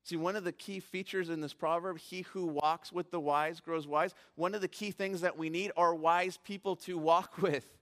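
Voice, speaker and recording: A man's voice: fairly high pitch, moderate pace, few pauses. A male pastor preaching a sermon in a church, telling stories with animation and putting earnest, direct questions to the congregation. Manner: animated storytelling, rising to near shouting at emotional peaks. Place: church sanctuary.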